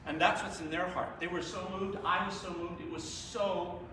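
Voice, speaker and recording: A man giving encouraging, animated feedback to singers after their performance. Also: sits high, normal speed. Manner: encouraging, animated, laughs often. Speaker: performance adjudicator. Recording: echoey room, far from the mic, noisy.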